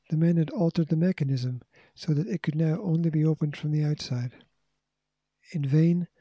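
Mellow, husky man reading a storybook. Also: fairly high pitch, no room sound. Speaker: audiobook reader. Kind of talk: storybook narration.

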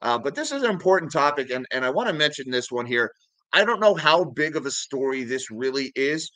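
Bright-voiced man giving market commentary. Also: medium pitch, sing-song, brisk, dry recording, poor audio. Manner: conversational, addresses viewers as guys, talks through charts and articles. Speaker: finance video host.

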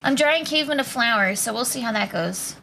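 A woman's voice: fairly high pitch, lively intonation, quick pace, creaky, pushed and bright, slight background noise. A woman streamer chatting casually with her live viewers, greeting them by name in playful slang. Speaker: Twitch streamer.

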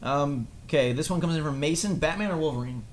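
A man's voice: on the high side, fast, slight background noise. A young man hosting a casual podcast, goofy and playful, joking with his co-hosts. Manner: goofy, playful, puts on silly voices. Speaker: podcast host.

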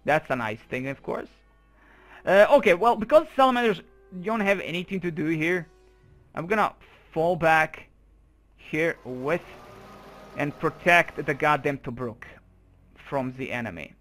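A man's voice: a little high, lively intonation, a little slow, pauses often, fairly bright tone, soft background music. A young man giving profane, exasperated running commentary while playing a strategy game. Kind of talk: let's play commentary.

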